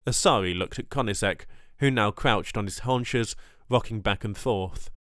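A man reading a first-person story in measured audiobook narration, close to the mic. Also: on the low side, fairly bright tone, no room sound.

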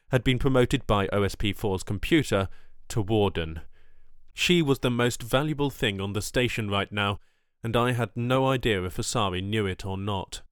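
A man reading a first-person story in measured audiobook narration, close to the mic. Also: on the low side, clean tone, no room sound.

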